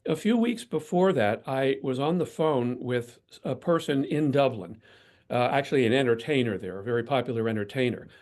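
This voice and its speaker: An older man, a guest in an interview, telling self-deprecating anecdotes in a reflective, steady way. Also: medium pitch, normal speed. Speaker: guest, PR professional. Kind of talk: storytelling in interview.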